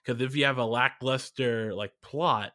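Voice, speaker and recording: A man's voice: mid-range voice, moderate pace, pushed and bright, dry recording. Laid-back man with a dry, close sound. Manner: laid-back, hesitant, many fillers and laughs. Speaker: podcast co-host. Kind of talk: casual chat.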